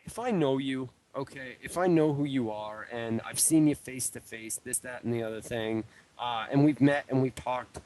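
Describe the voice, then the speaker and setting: A man's voice: medium pitch, normal speed, a crowd in the background. A man co-hosting a live wrestling radio talk show, rambling casually with lots of fillers and repeated phrases. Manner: rambling, repeats himself, frequent fillers and "dude". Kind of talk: casual chat.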